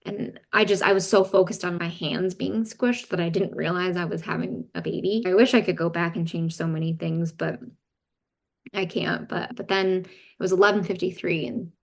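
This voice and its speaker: A woman recounts a personal story as a podcast guest, candid and detailed. Her voice sits on the low side with a gravelly fry. She relays what others said along the way. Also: steady tone, normal speed. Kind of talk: casual storytelling.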